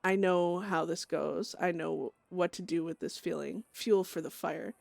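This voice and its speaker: A haunted young outlaw woman, voiced by a woman, murmurs her journal in a brooding inner monologue. The voice sits low and the sound is dry and close, and she sinks into whispers. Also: fairly even intonation, a little slow, creaky, a little mellow, no room sound. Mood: bitter. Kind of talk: reading a character's journal aloud.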